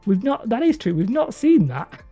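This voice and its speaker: On a hobby livestream, a woman with a warm voice that sits on the high side and has a breathy edge chats casually with viewers, reading their comments and rambling between laughs. The stream's audio is dull and lo-fi, with faint music playing.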